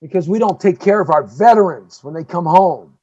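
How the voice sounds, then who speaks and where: A man hosting a live show, delivering an impassioned opinion monologue that swings between loud outbursts and low muttering. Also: expressive, moderate pace, muffled recording. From United States.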